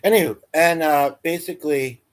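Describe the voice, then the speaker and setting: A man's voice: fairly high pitch, normal speed. Male stream host, casual meandering chat, filler-heavy. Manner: meandering, full of fillers and restarts. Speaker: livestream host. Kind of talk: rambling casual livestream chat.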